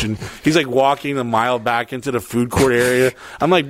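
A man casually telling a story on a podcast, animated and profane, acting out the voices of other people. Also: mid-range voice, brisk, few pauses, noisy background. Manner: animated, swears a lot, acts out voices.

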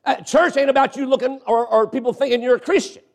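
A man's voice: extremely high pitch, fairly even intonation, quick pace. A male pastor preaching a sermon, punctuating points with frequent amens and questions to the congregation.

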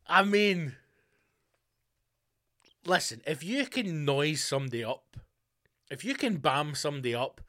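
A Scottish man with a slightly high-pitched voice rants through a podcast monologue. He swears constantly and slips into mocking voices when he quotes people. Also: a bit bright. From Scotland. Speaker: podcast host. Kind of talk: casual ranting monologue.

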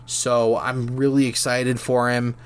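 A man's voice: mid-range voice, level tone, takes it slowly, smooth. A man hosting a solo hockey podcast, talking casually with lots of fillers and restarts while he has the hiccups. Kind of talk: solo sports podcast talk.

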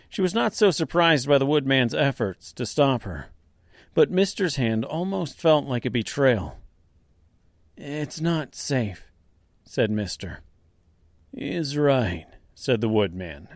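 Slow deliberate male storyteller, dry sound. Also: medium pitch, no echo. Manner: slow, deliberate reading with quiet voiced dialogue. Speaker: narrator. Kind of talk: audiobook narration of a dark fantasy serial.

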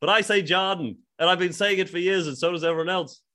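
Aging Liverpool music legend, deadpan and rambling, a man doing the impression. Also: high-pitched, rapid-fire. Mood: wry. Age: 70s. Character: elderly John Lennon impression, dry and rambling. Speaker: host. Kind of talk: improvised comedy podcast impression.

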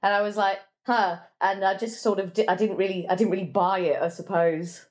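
A woman's voice: medium pitch, little pitch movement, a little fast. A woman on a film podcast panel, speaking casually and filling her sentences with "like" and "you know".

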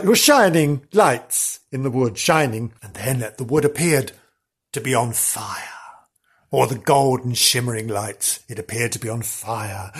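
Podcast host, comic local-history storytelling, theatrical gasps, lively swooping voice, slightly husky. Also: medium pitch, moderate pace. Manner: theatrical, gasping, repeats words for effect.

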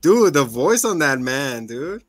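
A man's voice: fairly high pitch, big pitch swings, unhurried, no room sound, soft background music. A man co-hosting a casual podcast chat, laughing often and acting out quotes in funny voices. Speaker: podcast co-host.

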